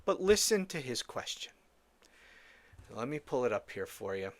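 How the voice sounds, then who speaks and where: A man's voice: mid-range voice, very animated, moderate pace, no room sound. A man hosting a solo political commentary podcast, blunt, scornful and profane, rambling with frequent restarts. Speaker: podcast host.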